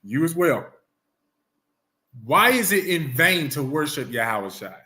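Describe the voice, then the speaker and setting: A man leading a religious study class, his voice sitting a little high and sounding bright and forceful. He presses his students with question after question and repeats himself to coax out answers. He slows right down to read scripture aloud. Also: big pitch swings. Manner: coaxing, repeats himself, reads scripture slowly.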